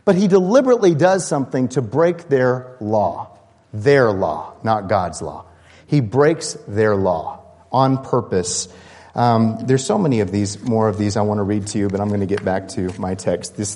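A man pastor preaching a sermon, lively and building with excitement, often restarting his sentences. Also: on the low side, normal speed, big-room sound.

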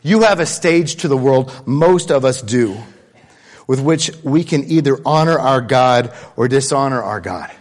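A man preaching a sermon as pastor, animated and swinging between loud bursts and hushed asides. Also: mid-range voice, measured pace. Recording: long hall reverb.

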